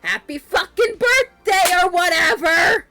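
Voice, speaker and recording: Woman doing a cocky crude angel dude, loud swaggering trash talk, kinda high. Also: animated, slow, soft background music, exaggerated voice. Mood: cocky taunting. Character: brash crude cocky male angel bully.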